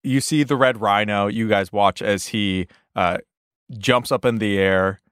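A man's voice: fairly low pitch, measured pace, a bit bright, clear, resonant tone, dry recording, studio quality. A man playing in a tabletop game, joking and hesitant, with many fillers. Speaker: player. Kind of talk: casual game chat.

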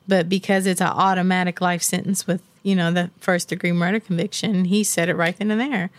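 A woman's voice: on the low side, flat delivery, a little fast, no room sound. A woman in her thirties, a guest in an interview, talking candidly and reflectively, with faith and conviction.

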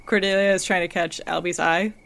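A woman's voice: lowish voice, fairly even intonation, fairly quick, creaky, a bit bright. A woman playing a tabletop game, describing her character's actions in a hesitant, chatty way. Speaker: player. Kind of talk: tabletop role-play.

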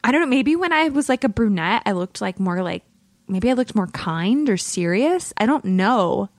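A woman's voice: medium pitch, lively intonation, normal speed, no room sound. A woman co-hosting a podcast, recounting a story in a loose, rambling way with plenty of "like"s. The recording is dry and close, with no room sound. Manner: chatty storytelling, many fillers. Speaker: podcast co-host. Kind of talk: casual chat.

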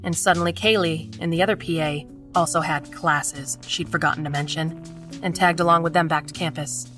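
Low-voiced woman narrating a horror story. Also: steady tone, fairly bright tone, recorded from a distance, faint music behind. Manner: measured, tense storytelling. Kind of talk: scripted first-person narration.

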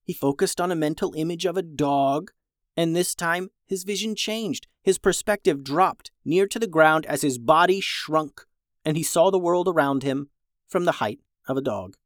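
A narrator reading a children's storybook aloud, lively, shifting voices for each character. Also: medium pitch, moderate pace, no room sound, clean studio sound.

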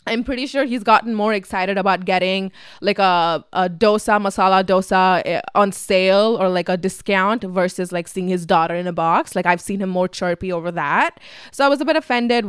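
A young woman whose first language is Tamil tells a story casually on her podcast. She swears freely and says "like" constantly. Her voice is smooth and crisp, recorded dry and close. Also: mid-range voice, steady tone, normal speed, no echo. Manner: chatty and profane, heavy use of "like". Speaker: podcast host.

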